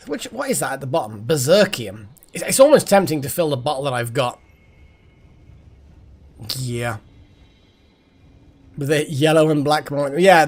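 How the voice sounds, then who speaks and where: Male streamer, rambling casual chat, lively swings in pitch. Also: slight background noise. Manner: rambling, chatty, swears and laughs often. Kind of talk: casual live-stream chat while gaming.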